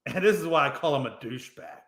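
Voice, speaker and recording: Man, sports talk host, heated profane rant, slightly high voice, echoey room. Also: animated, fast, fairly bright tone. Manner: profane, mocking, acts out quotes in exaggerated voices.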